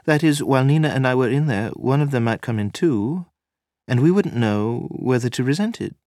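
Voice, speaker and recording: In a dry, clean studio recording, a man reads an audiobook, voicing a curious, chatty woman. He pitches a little above his own medium voice, still close to everyday speech, with lively intonation, a darkish tone and normal speed.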